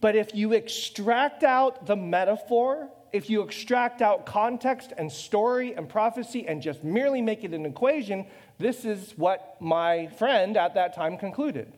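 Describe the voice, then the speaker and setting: A man's voice: high-pitched, lively intonation, unhurried, big-room sound. A man preaching a sermon in a loose, conversational way, joking at his own expense and firing off rhetorical questions. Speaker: pastor.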